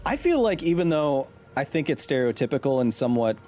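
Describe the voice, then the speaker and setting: A man's voice: mid-range voice, very animated, a little fast, a little hiss or hum. A man in his thirties hosting a live gaming stream. He chats, explains science and reads out viewer messages. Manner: chatty, explains science, reads chat aloud; jumpy, yells when startled.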